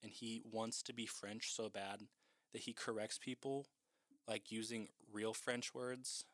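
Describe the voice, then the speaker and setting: A man's voice: lowish voice, flat delivery, measured pace, fairly bright tone, no room sound, clean studio sound. A man casually recapping a horror film in a chatty, profane way, with lots of "like".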